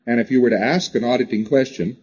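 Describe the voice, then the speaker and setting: A man's voice: medium pitch, fairly even intonation, quick pace, darkish tone, husky, highs cut off. A man lecturing a class in a conversational way, driving his points home with repetition and frequent "you see" asides.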